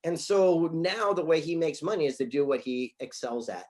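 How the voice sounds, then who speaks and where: A man, an author and speaker, answering interview questions with animated stories and acted-out dialogue from his office. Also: on the high side, moderate pace. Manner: animated storyteller, acts out quoted dialogue.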